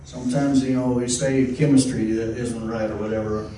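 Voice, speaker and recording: A man's voice: medium pitch, steady tone, moderate pace, mellow. A man preaching a sermon as pastor, in a folksy conversational way with frequent restarts. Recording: echoey hall, distant mic, faint noise.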